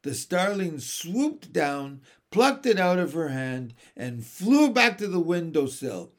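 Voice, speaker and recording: Guy reading a kids' story aloud, slow and super lively, slightly high voice. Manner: expressive and animated. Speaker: audiobook reader.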